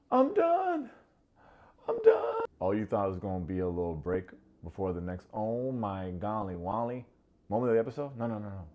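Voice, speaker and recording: A man hosting a comedic TV recap, sarcastic and quick to mock. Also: lo-fi sound. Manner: sarcastic, acts out quotes in high mocking voices. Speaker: recap show host.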